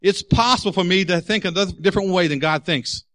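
Bright-voiced, emphatic male pastor preaching. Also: high voice, a little fast, no room sound. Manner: candid, storytelling, emphatic. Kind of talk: sermon.

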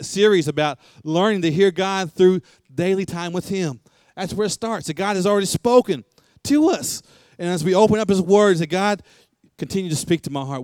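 A man's voice: high voice, darkish tone, clear, resonant tone, no echo, studio quality. A middle-aged man, a pastor, preaching a sermon and repeating lines for emphasis.

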